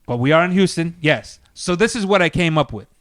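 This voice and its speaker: A man who works as a DJ, telling a story as a podcast guest in a casual, profane, animated way. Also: a little high, a little fast, no echo, clean studio sound.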